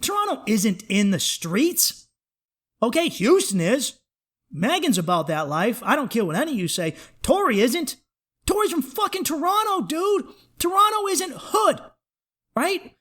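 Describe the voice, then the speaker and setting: A man's voice: extremely high pitch, very animated, a little slow, a bit bright. A man hosting a comedy podcast, ranting in a worked-up, profane, emphatic way.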